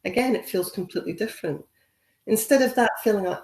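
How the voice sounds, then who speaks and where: A woman's voice: on the high side, fast, darkish tone. Encouraging woman in an echoey room. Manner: encouraging, conversational, many "you know" fillers. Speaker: webinar trainer. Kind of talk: webinar talk.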